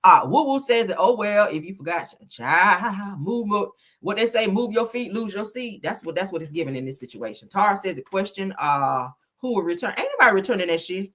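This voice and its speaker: A woman's voice: medium pitch, expressive, a little fast, hardly any pauses, a bit bright. A woman hosting a casual chat, reading live comments in a sassy, dramatic way and swearing often. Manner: sassy, dramatic, swears a lot, calls viewers baby and child. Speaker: host.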